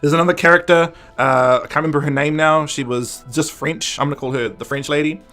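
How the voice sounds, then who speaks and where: A man's voice: on the high side, steady tone, fairly quick, pushed and bright, soft background music. Chatty man recapping with many fillers. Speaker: podcast host. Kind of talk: casual review chat.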